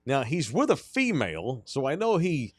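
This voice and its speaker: A man hosting a sports podcast in casual chat, loud, joking and quick to exclaim. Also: mid-range voice, wildly swooping pitch, slightly rough, no room sound, faint music behind. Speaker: podcast host.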